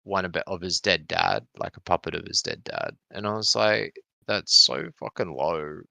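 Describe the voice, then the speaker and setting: A low, gravelly man rambles through a casual stream chat and swears freely. His voice is very bright and cutting, recorded dry and close. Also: fairly even intonation, moderate pace, no echo. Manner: rambling, swearing, explaining community drama.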